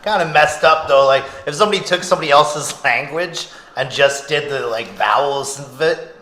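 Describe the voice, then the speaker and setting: A man co-hosting a podcast in casual comedic chat, a loud, rambling storyteller who laughs often. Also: fairly high pitch, normal speed. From Vancouver, Canada. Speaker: podcast co-host. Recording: roomy echo.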